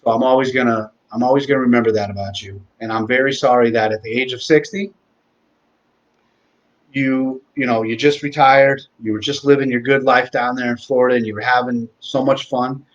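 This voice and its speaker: A man's voice: medium pitch, steady tone, a little fast, muffled recording. A man in his forties hosting a live stream, rambling through a heartfelt tribute and swearing freely. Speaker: host. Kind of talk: casual live-stream talk.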